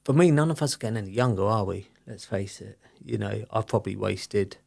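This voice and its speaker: A man's voice: on the low side, fairly quick, creaky, a little mellow. A middle-aged man, talking openly as a podcast guest, rambling with lots of fillers. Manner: open, rambling storytelling with many fillers. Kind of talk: candid personal conversation.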